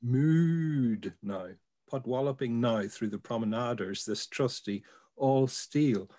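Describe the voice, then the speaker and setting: A man discussing poems in conversation and then reading a poem aloud in a measured way. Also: medium pitch, dark tone. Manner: brief agreeing replies, reads aloud with measured phrasing.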